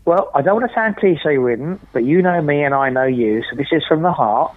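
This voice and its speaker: A man's voice: a little high, lively intonation, brisk, no echo. A man chatting as a podcast guest, talking in an emphatic, theatrical, rhetorical way. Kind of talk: casual chat. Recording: tinny phone line.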